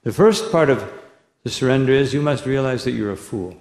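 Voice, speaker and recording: A man's voice: medium pitch, animated, fairly quick, a little mellow. A man, a monk, giving a scripture lecture, talking in a rambling way with frequent "no?" and "you know" tags and reciting Sanskrit verses. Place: temple hall. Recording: echoey hall recording.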